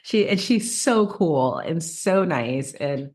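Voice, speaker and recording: A woman's voice: deep voice, lively intonation, slow, darkish tone. A woman co-hosting a casual podcast, telling stories in a chatty way with many restarts and laughs. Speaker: podcast co-host.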